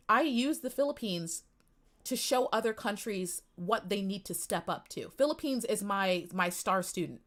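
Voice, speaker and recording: A young woman live-streaming an upset rant about pageant fans, near tears, with her voice rising and falling as she repeats herself. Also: medium pitch.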